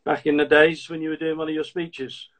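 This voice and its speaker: A former racing driver in his fifties hosts a casual live video chat, reading out questions from viewers in an easygoing way. His voice sits a little higher than most men's. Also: brisk. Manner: relaxed, reads out viewer questions. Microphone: phone or laptop mic on a video stream.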